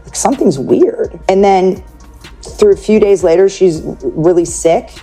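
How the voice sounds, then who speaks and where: A woman's voice: mid-range voice, unhurried, mellow, husky, soft background music. A woman guest in an interview, telling a personal story in a chatty way, full of "like" and acted-out quotes. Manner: chatty, peppered with "like", acts out quoted speech.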